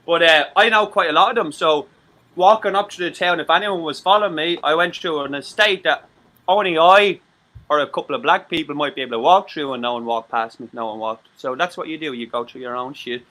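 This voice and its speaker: A man's voice: a little high, fairly quick, pushed and bright. An Irish man from Ireland chatting on a live-stream talk show, rambling and swearing, with many stammered restarts. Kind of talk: casual live-stream chat.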